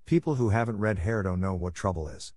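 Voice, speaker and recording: A man's voice: on the low side, brisk, darkish tone, no echo, close to an everyday voice. Man reading a chatty orphan girl in a storybook, eager and imaginative, dry sound. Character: talkative imaginative orphan girl, eleven, red-haired.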